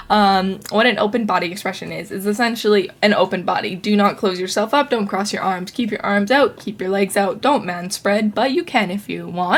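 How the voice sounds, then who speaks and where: A young woman hosting her own podcast, talking casually in a rambling, chatty way with lots of fillers and restarts. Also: medium pitch. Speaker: podcast host. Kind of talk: casual solo podcast talk.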